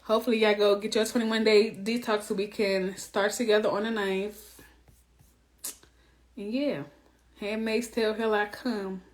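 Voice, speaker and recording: A woman in her thirties, a womb wellness coach, chatting casually and bluntly to her followers, animated with slangy asides. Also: medium pitch, normal speed, pauses often.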